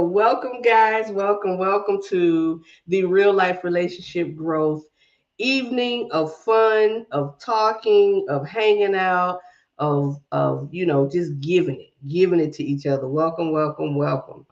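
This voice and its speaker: This livestream host has a lowish voice, and the audio has its highs cut off. Her accent mixes Southern drawl and Brooklyn as she keeps things casual, saying hello to viewers by name and narrating her way through tech fixes.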